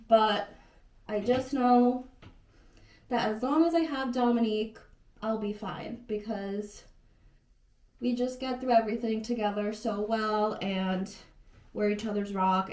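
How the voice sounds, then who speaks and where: A woman's voice: fairly high pitch, darkish tone. A woman in her late twenties, chatting casually in a home vlog, rambling and often correcting herself mid-sentence. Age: 20s. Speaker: vlogger.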